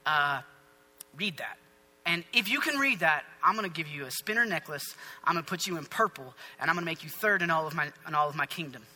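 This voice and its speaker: A man's voice: fairly high pitch, lively intonation, a little fast, bright, forceful tone, big-room sound, voice pushed down, full character voice. A man playing a panicky ancient king. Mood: bargaining. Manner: casual, modern slangy talk.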